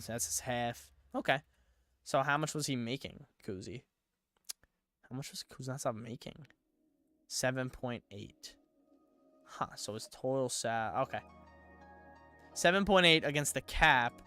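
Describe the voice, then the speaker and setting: A man's voice: medium pitch, moderate pace, long pauses, bright, forceful tone, soft background music. A young man rambling through live-stream sports commentary, thinking aloud and getting himself worked up.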